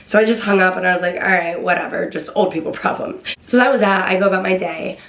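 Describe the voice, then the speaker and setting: A young woman telling a story to the camera in a chatty, excitable way, acting out the quoted lines in a higher voice. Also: fast talker. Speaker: vlogger. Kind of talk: casual storytime. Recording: roomy, echoey room.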